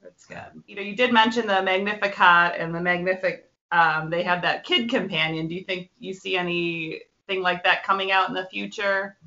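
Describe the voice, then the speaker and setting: A woman's voice: lowish voice, fairly even intonation, normal speed, creaky, few pauses, pushed and bright. A woman in her thirties hosting an interview, chatty and laughing between phrases. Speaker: host. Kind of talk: casual interview chat. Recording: muffled lo-fi video call audio.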